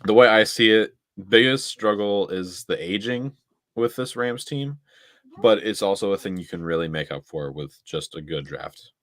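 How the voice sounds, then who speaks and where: A young man co-hosting a casual football talk show, rattling off stats and getting excited about big games. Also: fairly low pitch, normal speed, no echo. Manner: excitable, stat-heavy, laughs often. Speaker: co-host. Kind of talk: casual sports chat.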